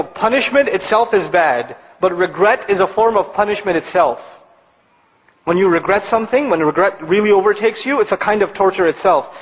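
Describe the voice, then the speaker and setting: A man preaching a sermon in an animated, conversational way, building to emphatic points. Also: sits high, in a large hall, low-quality recording.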